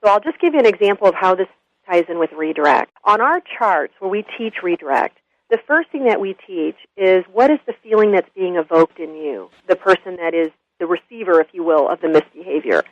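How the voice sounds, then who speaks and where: A woman guest telling a story in an earnest, animated interview. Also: lowish voice, a little fast, no room sound. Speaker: guest, school consultant. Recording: dull lo-fi radio audio.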